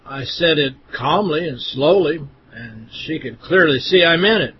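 A man's voice: fairly high pitch, animated, unhurried, breathy edge. A man reading aloud from a first-person text in a blunt, contemptuous manner. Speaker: reader. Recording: dull lo-fi recording.

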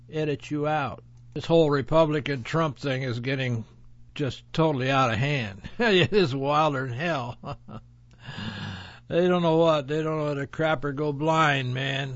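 A man hosting a radio show in a rambling, folksy monologue, chuckling often and boasting. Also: medium pitch. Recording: dull lo-fi audio.

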